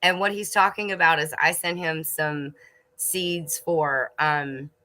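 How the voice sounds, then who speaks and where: A middle-aged woman chats casually on a homestead livestream from her kitchen. Her voice sits on the low side yet sounds bright and forward. She talks easily to viewers, laughing and snacking as she goes. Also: steady tone, takes it slowly. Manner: chatty, laughs and munches while talking to viewers.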